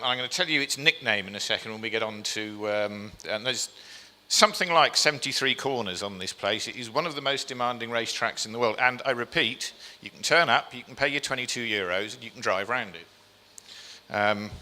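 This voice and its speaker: This is a man with a mid-range voice, bright and pushed, talking at a moderate pace during a slide presentation. He's chatty and self-deprecating, saying um often and quizzing the live audience. A long hall reverb surrounds him in the event space.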